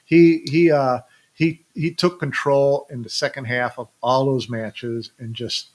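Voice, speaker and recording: A man's voice: medium pitch, fairly even intonation, measured pace. A man hosting a pool podcast in casual chat, easygoing and agreeable. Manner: easygoing, agreeable, lists scores. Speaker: podcast host.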